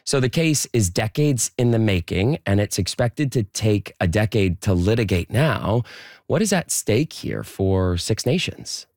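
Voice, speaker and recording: Morning radio host, male, low voice, dry studio sound, brisk delivery. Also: lively intonation, a little mellow, dry recording. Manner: brisk, conversational. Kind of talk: radio hosting. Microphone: studio microphone.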